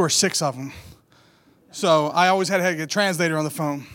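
A man in his thirties giving an animated sermon testimony, building from quiet storytelling to loud emphatic peaks. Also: on the high side, a little fast. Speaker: church speaker.

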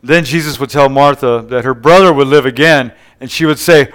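A male preacher with a smooth, clear voice delivers a sermon at a middle pitch. He retells scripture scenes, acting out the quoted lines and tossing call-and-response checks to his listeners. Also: a little fast, hardly any pauses, fairly bright tone.

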